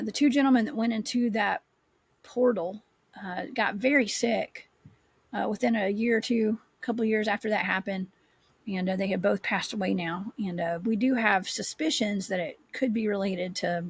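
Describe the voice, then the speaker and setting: A woman, a paranormal investigator, telling her story as a guest in a casual podcast chat, animated and rambling. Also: mid-range voice, gravelly, husky, no echo.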